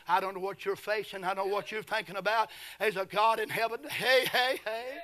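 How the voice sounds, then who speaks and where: A middle-aged man preaching a sermon, fervent, swinging from hushed storytelling to shouted praise. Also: high voice, flat delivery, fast. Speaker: pastor.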